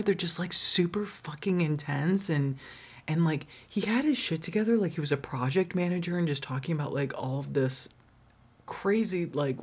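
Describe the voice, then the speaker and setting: Husky-voiced woman telling candid stories. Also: low-pitched, a little mellow. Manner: candid and profane, heavy filler "like"; frequent laughter, trailing restarts. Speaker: podcast host. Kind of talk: solo storytelling podcast.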